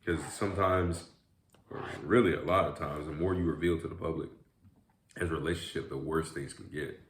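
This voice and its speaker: A young man with a deep, low voice talks in a relaxed, rambling vlog chat, leaning on "man" and "y'all". The sound comes back off the walls of an echoey room. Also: brisk, slight background noise. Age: young adult. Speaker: YouTube vlogger. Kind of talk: casual mukbang chat.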